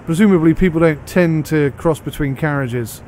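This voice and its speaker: A man's voice: fairly high pitch, normal speed, a little mellow, slight background noise. A British man giving a casual, rambling commentary on a train game as he plays, thinking aloud. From United Kingdom. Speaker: game reviewer.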